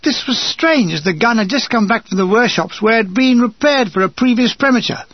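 An older man from England reading a war memoir aloud with a dry, wry comic delivery and a gravelly, husky voice. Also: extremely high pitch, expressive, fairly quick, no echo, muffled recording. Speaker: narrator.

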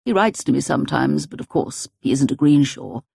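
A woman voicing a blunt, eccentric elderly spinster in an audiobook, with a brisk, imperious manner. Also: very deep voice, expressive, creaky, mellow, breathy edge, no room sound, studio quality, heavily acted. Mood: musing. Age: older. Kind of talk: audiobook character voice.

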